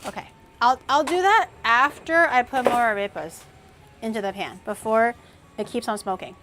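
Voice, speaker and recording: Chatty high-voiced woman cooking on stream. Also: moderate pace, fairly bright tone, faint music behind. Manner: chatty, thinks aloud, snaps back at chat. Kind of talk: casual cooking livestream chat.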